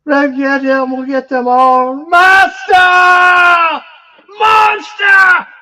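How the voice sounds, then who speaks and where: A man's voice: extremely high pitch, very slow, over a noisy crowd, heavy background noise, pitched above the performer's own voice, full character voice. A man doing an overacted possessed man wailing to his master. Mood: possessed chanting.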